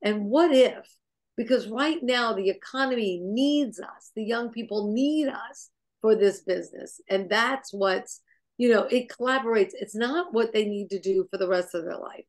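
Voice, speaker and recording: A woman sharing business advice on a group call, bubbly and energetic, laughing between points. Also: a little high, moderate pace. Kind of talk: enthusiastic motivational chat.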